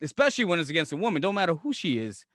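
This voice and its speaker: A man with a New York accent, co-hosting a podcast in loud, joking casual chat and acting out rants. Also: fairly high pitch, sing-song, rapid-fire, no echo, studio quality. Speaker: podcast co-host.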